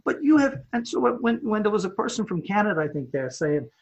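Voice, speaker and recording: A man guesting on a business podcast, recounting a story in a husky voice. His pitch rises and falls freely as he talks. The delivery is animated, with words repeated as he works toward the point. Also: fairly quick, muffled recording. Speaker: guest, home improvement company owner.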